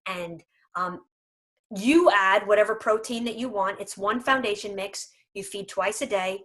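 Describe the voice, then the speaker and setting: A woman's voice: mid-range voice, measured pace, a bit bright. A woman speaking for a dog food company in a casual video chat, emphatic, humorous and persuasive.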